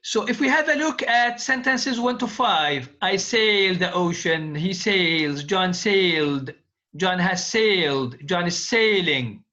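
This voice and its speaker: Speaking slowly in a high, sharp, animated voice, a man teaches linguistics to a class. He keeps repeating key phrases and drills his students with quiz questions. It's a dull lo-fi classroom recording.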